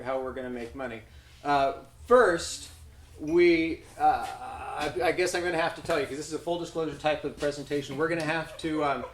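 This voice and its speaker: A man with a fairly high voice pitches an invented business on the spot, stumbling over fillers and laughing at his own lines. He is recorded in an echoey room with clear background noise. He talks loosely and keeps stopping to chuckle. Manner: hesitant, filler-heavy, laughing at himself. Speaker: pitch presenter. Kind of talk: improvised comic pitch. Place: event room.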